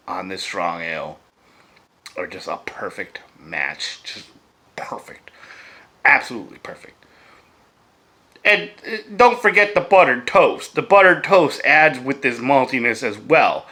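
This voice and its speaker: Bright-voiced man in loose profane chat. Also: a little high. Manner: loose, profane, enthusiastic rambling. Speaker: vlogger reviewing beer and vape pairings. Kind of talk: casual chat to camera.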